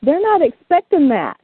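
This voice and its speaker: A woman's voice: high voice, huge pitch swings, slow, no room sound. A woman telling frank, bawdy stories in casual chat, laughing often. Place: small southern town. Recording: tinny phone line, dry.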